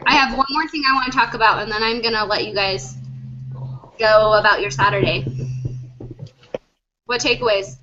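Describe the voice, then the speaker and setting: A woman's voice: on the high side, steady tone, normal speed, long pauses, dull audio, background noise. A woman leading a motivational group coaching session, asking her team many questions over a video call.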